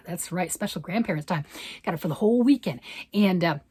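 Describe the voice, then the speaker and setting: A woman's voice: medium pitch, expressive, fast talker, a little mellow, slightly rough, no room sound. An older woman, a grandmother, chatting casually about yarn and knitting on her vlog, rambling and often asking "right?". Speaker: yarn vlogger. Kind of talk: casual chat.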